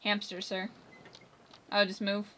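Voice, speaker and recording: A woman's voice: medium pitch, monotone, slow, background noise. A woman giving chatty, giggly let's-play commentary, talking back to the game characters. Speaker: gameplay commentator.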